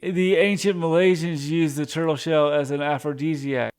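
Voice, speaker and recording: A man's voice: on the high side, steady tone, moderate pace, darkish tone, smooth. A man casually recapping a sitcom episode, rambling with restarts and fillers. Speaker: show recap host.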